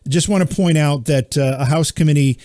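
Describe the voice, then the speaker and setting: A man hosting a political talk show, reading out news with sarcastic exasperation and dropping low on his punchlines. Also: fairly quick, warm tone, no room sound, studio quality. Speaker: show host.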